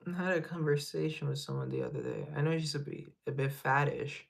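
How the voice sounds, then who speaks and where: A livestream host with a slightly high voice talks briskly, his pitch swooping wildly and edged with vocal fry. He reads viewer comments out loud and rambles casually, laughing at himself.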